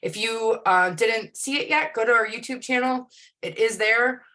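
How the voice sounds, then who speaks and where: A woman's voice: on the high side, moderate pace, pushed and bright. A woman in her forties hosts a casual live stream. She talks in a chatty, rambling way and often restarts her sentences with ums. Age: 40s. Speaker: host.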